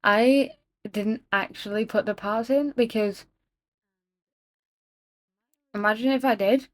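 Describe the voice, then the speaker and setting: A woman chatting excitedly in a casual voiceover about her own animation, self-deprecating and talking straight to her viewers. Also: on the high side, moderate pace, no echo. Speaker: animator narrating her work. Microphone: home voiceover mic.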